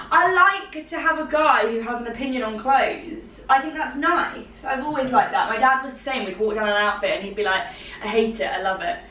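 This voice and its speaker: A bubbly young woman from the UK chats about her outfits in a light, slightly high voice. She sounds set back from the mic in a room that rings with echo. There is a soft hiss under her voice. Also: far from the mic. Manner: bubbly, giggly and chatty. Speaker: fashion vlogger. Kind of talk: casual haul chat. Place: room at home.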